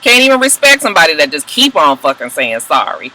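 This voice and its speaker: A woman recapping a reality TV episode in a blunt, sassy, heavily profane way, her pitch swinging widely as she tells the story. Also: sing-song, fast talker, pushed and bright, low-quality recording. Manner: sassy, blunt, heavy swearing, mocking asides; wildly swinging pitch when telling the story. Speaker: TV show recap vlogger. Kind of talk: casual profane recap commentary.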